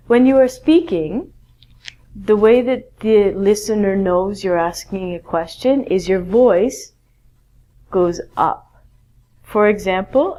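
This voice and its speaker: A woman's voice: mid-range voice, dark tone. A woman teaching a basic grammar lesson, patient and encouraging, explaining step by step. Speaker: English teacher.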